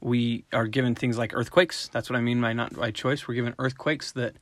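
A middle-aged man explains dog training in a casual, conversational, instructional way, occasionally slipping into quick voiced examples. His pitch sits in an ordinary middle range with fairly even intonation, and the sound is dry and close with no room echo.

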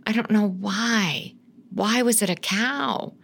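A woman's voice: medium pitch, slow, gravelly, a bit bright. A woman in her thirties co-hosting a podcast, rambling and gushing in casual chat and swearing freely. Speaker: podcast co-host.

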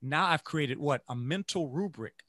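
A man who teaches music, giving an energetic motivational talk to teachers and chanting phrases in rhythm. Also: a little high, measured pace, no room sound, clean studio sound. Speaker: music educator.

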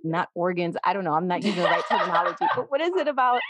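A woman's voice: fairly low pitch, animated, very fast, very noisy. A woman in her forties co-hosting a podcast, telling stories in casual conversation and acting out the voices she quotes. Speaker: podcast co-host.

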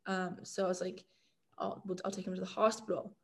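A young woman from Canada telling stories in a casual interview, chatty and animated, full of "like" fillers and laughter. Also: fairly low pitch, fairly quick. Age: young adult. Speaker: guest, college football kicker.

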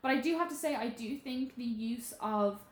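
A woman with an Irish accent co-hosting a podcast in casual chat, excitable and acting out her reactions. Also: on the high side, normal speed, roomy sound. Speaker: podcast co-host.

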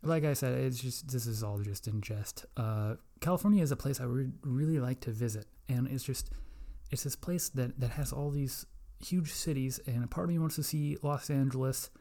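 A young man talks alone into his mic, hosting a loose podcast. His tone is mellow and relaxed, and he rambles and swears often, poking fun at himself and his listeners. His pitch sits in the middle. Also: normal speed, gravelly, hardly any pauses. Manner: profane, rambling, self-mocking. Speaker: podcast host. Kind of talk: casual solo podcast rant.

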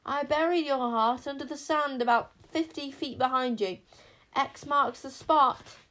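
A woman voicing a clever young male bodyguard who speaks briskly and politely. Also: on the high side, lively intonation.

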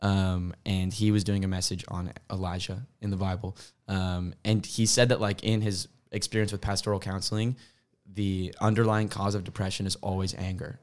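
A man's voice: sits low, little pitch movement, normal speed. A young man co-hosting a faith podcast, talking openly and earnestly in casual slang. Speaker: podcast co-host. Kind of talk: candid faith podcast chat.

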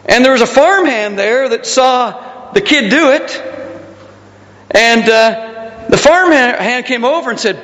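Man, pastor, very high voice, conversational sermon, long hall reverb. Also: animated, takes it slowly, fairly bright tone, dull audio. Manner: conversational, asks the congregation questions.

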